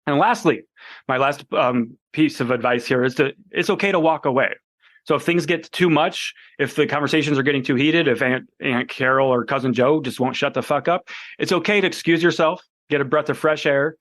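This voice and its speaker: A man's voice: a little high, a little fast, fairly bright tone, no echo. A man co-hosting a casual podcast chat, blunt and profane, laughing often. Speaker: podcast co-host.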